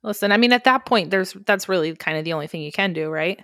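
Woman retelling a movie plot, lively and swearing a lot, dry close mic, throws in silly voices. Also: on the low side, fast, no room sound. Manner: animated storyteller, acts out characters in funny voices, swears casually. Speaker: podcast co-host recapping a film. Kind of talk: casual chat.

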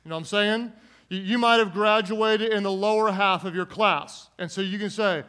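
High-voiced joking preacher man. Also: fairly bright tone. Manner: joking, calls for congregation responses; slows to stress key words. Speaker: pastor. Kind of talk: sermon.

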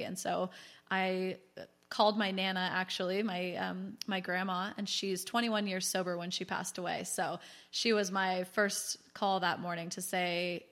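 A woman in her thirties from California, a business founder appearing as a guest, tells her own story candidly and chattily, acting out quotes with animation. Her voice has a medium pitch and moderate pace.

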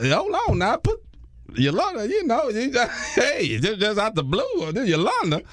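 Animated man telling a story. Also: normal speed, crowd noise. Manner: lively storyteller acting out quoted voices, laughing and jumping high in pitch. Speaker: comedian and radio host. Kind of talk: storytelling in a conversational interview.

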